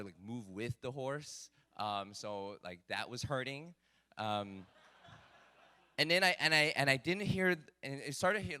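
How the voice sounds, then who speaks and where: Bright, lively-voiced man telling a story. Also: medium pitch. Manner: animated, self-mocking, lots of fillers and restarts. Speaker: speaker at a live talk event. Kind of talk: personal storytelling talk.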